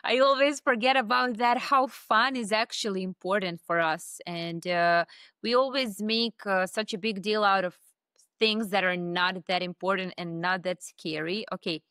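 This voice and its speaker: A woman's voice: medium pitch, normal speed, fairly bright tone, no echo, clean studio sound. A woman hosting an interview, encouraging and chatty, with many fillers. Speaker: interview host. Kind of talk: casual interview talk.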